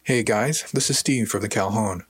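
A man voicing a prickly, sharp-tongued young woman with a lifted, pointed delivery. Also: on the low side, normal speed, slightly rough. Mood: wary. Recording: dry close recording.

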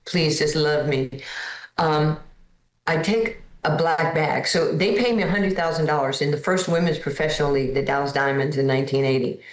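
A woman in her sixties from New York, telling candid, self-deprecating stories as a guest in a lively conversation. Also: deep voice, normal speed, reverberant, poor audio. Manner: lively, candid, self-deprecating, repeats words when starting. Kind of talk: storytelling in conversation.

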